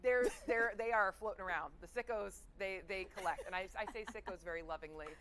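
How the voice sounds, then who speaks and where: A woman's voice: mid-range voice, quick pace, a bit bright. A woman sports reporter chatting casually on a live local news broadcast, enthusiastic and playful.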